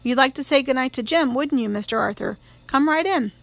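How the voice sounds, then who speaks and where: A woman's voice: high voice, a little fast, gravelly, no echo. Woman doing an earnest polite young girl. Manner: earnest, gently coaxing.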